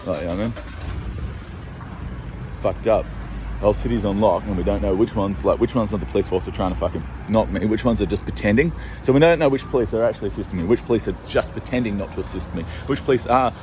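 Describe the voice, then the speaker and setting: A man's voice: on the low side, quick pace, background noise. An Australian man rambling on edge in a monologue, swearing heavily and sounding scared as he paces outdoors. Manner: rambling, agitated, heavy swearing. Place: outdoors on a city street, walking and pacing.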